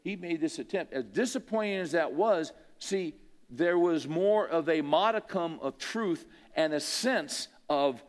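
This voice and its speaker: A man preaching a sermon, telling a story in a conversational way and asking his listeners rhetorical questions. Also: on the high side. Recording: long hall reverb.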